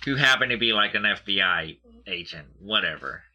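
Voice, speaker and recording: A man's voice: lowish voice, lively intonation, fairly quick, bright, forceful tone. A man telling a story in casual conversation, laid-back, full of ums and swearing. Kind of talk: casual chat.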